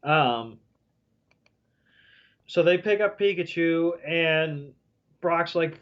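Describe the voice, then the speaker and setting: A man with a fairly high voice recaps an episode on a podcast, rambling and loose, his sentences full of ums and you-knows. The sound is dull and lo-fi. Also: lively intonation, drawn-out words, long pauses. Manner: rambling, many fillers like um and you know. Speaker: podcast co-host. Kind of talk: casual recap chat.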